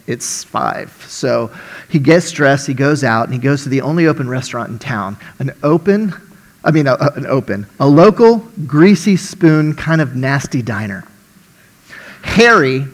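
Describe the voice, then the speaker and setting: A man preaching a sermon and telling a story, delivering it animatedly and swinging from hushed to loud. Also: a little high.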